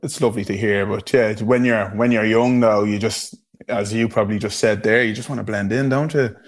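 A young man with a Dublin Irish accent chatting casually on a podcast. He talks quickly and keeps asking "do you know what I mean". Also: lowish voice, steady tone. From Ireland. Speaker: guest.

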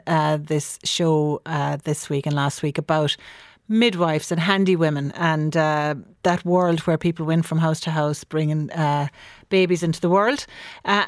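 Chatty radio host in a dry studio. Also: female voice, low voice, no echo. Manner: friendly, chatty, many fillers. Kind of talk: radio phone-in hosting. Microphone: studio mic.

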